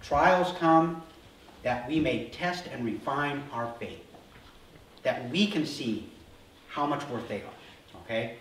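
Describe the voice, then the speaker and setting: Male pastor, middle-aged, sermon, animated storyteller, distant mic, faint room hum. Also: medium pitch, takes it slowly, long pauses. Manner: animated storytelling, acting out disciples' voices. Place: church sanctuary. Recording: roomy hall from a distance.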